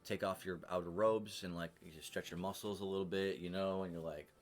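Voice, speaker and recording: Low-voiced man running a tabletop game. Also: fairly even intonation, brisk, faint music behind. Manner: rambling, full of fillers and restarts. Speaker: game master.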